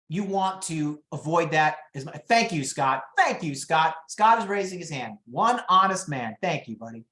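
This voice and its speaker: A real estate coach teaches a live online class in a chatty, direct way, often playing out client conversations. The voice sits in a middle pitch range. The sound comes over a video call with noticeable room echo. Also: expressive, moderate pace, hardly any pauses, fairly bright tone. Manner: chatty, coaching, addresses the audience directly, acts out client dialogue. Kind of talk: live online training session. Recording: roomy echo.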